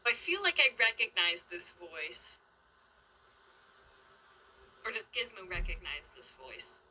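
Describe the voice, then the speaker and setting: A woman player in a tabletop game, chatting in a lively, playful way. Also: fairly low pitch, slow, breathy edge, poor audio. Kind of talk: casual chat. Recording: music behind the voice.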